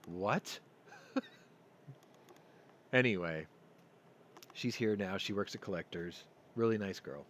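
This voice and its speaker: A man hosting a casual live-stream chat, rambling through stories and getting loud and excited as he tells them. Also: low-pitched, takes it slowly, long pauses. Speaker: podcast host. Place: home room. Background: yard work outside.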